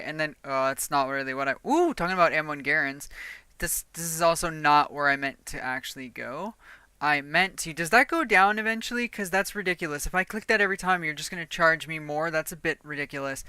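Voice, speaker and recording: A woman streaming a game and chatting casually, profane and quick to laugh. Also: low-pitched, bright, forceful tone, smooth, dry recording. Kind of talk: casual gaming stream chat.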